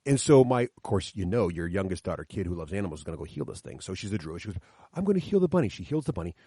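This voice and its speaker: A man's voice: sits low, very fast, dark tone, husky, no echo, clean studio sound. A middle-aged man, a podcast guest, telling stories from his kids' tabletop games with enthusiasm, explaining the rules step by step. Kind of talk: animated storytelling chat. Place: coffee shop, sit-down chat.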